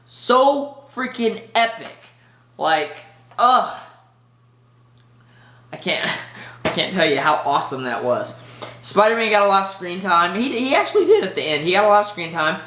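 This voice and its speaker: A man giving an excited, rambling movie review, full of fillers and restarts. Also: high-pitched, a little fast, reverberant.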